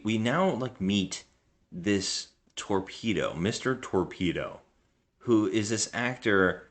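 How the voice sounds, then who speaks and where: A man's voice: lowish voice, fairly bright tone. A man co-hosting a casual podcast about bad movies, joking and rambling through his review. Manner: joking, rambling, does mock impressions. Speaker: podcast co-host.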